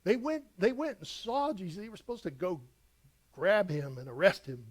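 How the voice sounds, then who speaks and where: Pastor, middle-aged man, verse-by-verse sermon, dramatic scripture reading, fairly high voice. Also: moderate pace, husky. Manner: animated, dramatic reading with emphatic rises.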